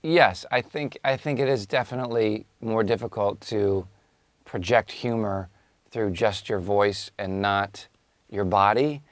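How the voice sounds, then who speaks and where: A man's voice: lowish voice, unhurried, no room sound. A man giving thoughtful, casual interview answers. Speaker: voice actor interviewee.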